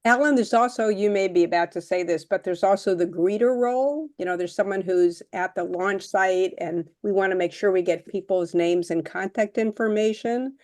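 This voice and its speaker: A woman on a panel explaining a volunteer role in a clear, friendly way. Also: medium pitch, moderate pace, hardly any pauses, a little mellow, no room sound. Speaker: panelist, organizer. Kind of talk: casual panel talk.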